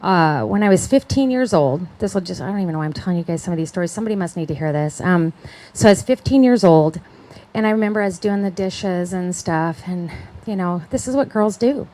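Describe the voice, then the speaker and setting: A woman's voice: lowish voice, animated, a little fast, few pauses, dark tone, low-quality recording. A middle-aged woman giving a personal testimony talk, chatty, acting out the voices of people she quotes and often checking in with "right?". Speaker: conference speaker.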